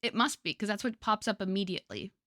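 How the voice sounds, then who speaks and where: A woman's voice: mid-range voice, quick pace, fairly bright tone, no room sound, studio quality. A young woman streamer chatting casually with her viewers, rambling with lots of fillers and frequent laughter.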